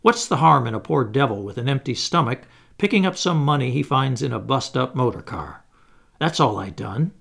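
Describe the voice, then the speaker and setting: A surly, hungry drifter, done by a man reading aloud, rough-spoken and given to a beggar's whine. The voice is gravelly and lively in pitch, thrown about between grumbling and pleading. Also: normal speed, heavily acted. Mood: exasperated. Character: surly hungry male vagrant, whining and rough.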